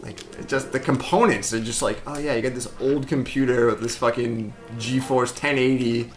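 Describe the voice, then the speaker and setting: A man's voice: medium pitch, moderate pace, soft background music. A man co-hosting a podcast, chatting casually over a game, swearing and laughing and acting out arguments. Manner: animated, laughing, profane, acts out quoted arguments. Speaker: podcast co-host. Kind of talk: casual chat while playing a game.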